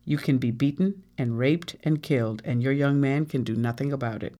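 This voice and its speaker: A storybook narrator voicing a stern older captive woman who speaks in a cold, firm, measured way, over guitar music. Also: mid-range voice, a little mellow, lightly acted.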